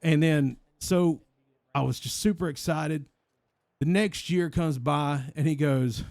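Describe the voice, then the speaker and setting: A man in an online role-play game telling a rambling, deadpan shaggy-dog story in character, repeating the same phrase again and again. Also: on the high side, measured pace, no echo.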